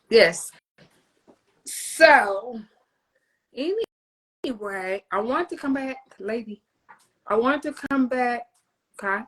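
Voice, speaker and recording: On a rough recording, a woman with a voice on the high side hosts a casual livestream. She rambles loosely, swears plenty and keeps the jokes coming.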